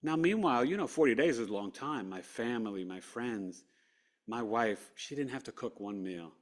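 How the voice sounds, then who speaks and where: A man's voice: mid-range voice, moderate pace. A man as an interview guest, earnestly recounting a personal story and acting out what people said. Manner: earnest, animated, acts out quotes.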